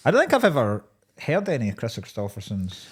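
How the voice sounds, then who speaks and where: A man's voice: mid-range voice, wildly swooping pitch, a little fast, breathy edge. A man co-hosting a comedy podcast, telling crude, rambling stories and laughing at his own jokes. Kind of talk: casual comedy chat.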